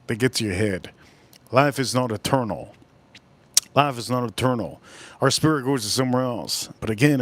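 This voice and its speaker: A man hosting a livestream, ranting bluntly in casual chat, swearing freely and rambling between thoughts. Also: mid-range voice. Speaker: livestream host.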